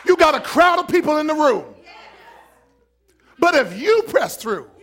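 High-pitched preacher shouting to a crowd. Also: male voice, a little slow. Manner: shouting, animated storytelling with playful voices. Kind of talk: sermon.

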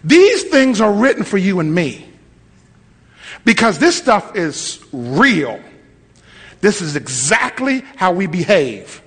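A man's voice: high-pitched, very animated, takes it slowly, fairly bright tone, husky. A male pastor preaching a sermon with humor, repeating phrases for emphasis.

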